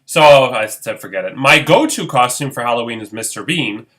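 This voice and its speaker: A man's voice: mid-range voice, moderate pace, noisy background. Goofy, irreverent male game-show host. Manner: goofy, irreverent, playful asides. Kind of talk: jokey game-show hosting.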